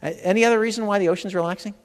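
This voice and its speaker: A man with a high-sitting, smooth voice speaks very fast, tossing jokey questions at the audience during a comedic health seminar. The setting is a large expo hall, and the live recording has long hall reverb.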